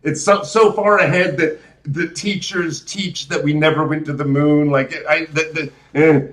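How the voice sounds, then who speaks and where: A man's voice: fairly high pitch, steady tone, measured pace, fairly bright tone, echoey room. A man hosting a live show, rambling through a casual movie rant with emphatic restarts and rhetorical questions. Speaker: host.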